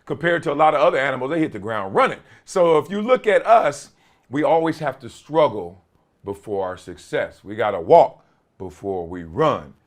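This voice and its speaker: A man's voice: medium pitch, sing-song, normal speed. A man in his late forties hosting his own talk show in casual commentary, laughing often and using folksy slang. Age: late 40s. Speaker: host.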